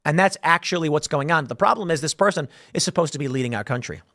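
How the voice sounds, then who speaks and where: Hosting a political commentary show, a man in his late thirties delivers an indignant, emphatic rant, pushing his points hard. His voice runs a little higher than most men's, animated, fast and sharp-toned, recorded dry with no room echo.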